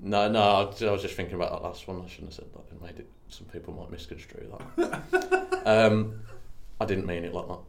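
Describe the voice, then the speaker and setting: A man's voice: deep voice, fairly even intonation, a little fast, creaky. A young man on a comedy podcast, swearing freely, laughing often and slipping into mock Cockney phrases. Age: young adult. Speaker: podcast co-host. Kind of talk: crude comedic podcast banter.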